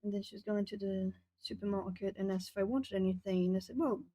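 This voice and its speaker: A woman's voice: mid-range voice, little pitch movement, fast, dark tone, dry recording. Woman with a British-tinged accent, casual stream chat, rambling, laughs a lot, dry close sound. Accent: hard-to-place English accent, British-tinged. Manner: chatty, rambling, laughs often, self-corrects. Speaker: art streamer. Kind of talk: casual livestream chat while drawing.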